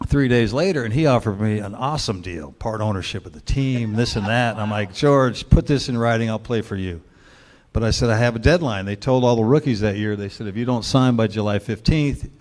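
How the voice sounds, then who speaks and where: An older man spins a story with a dry, easygoing wit, his voice sitting on the low side. He talks to a club audience as guest speaker, slipping into the voices of the people he quotes. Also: a little mellow. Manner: laid-back, wry storyteller, drops into quoted voices. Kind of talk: storytelling speech at a luncheon club.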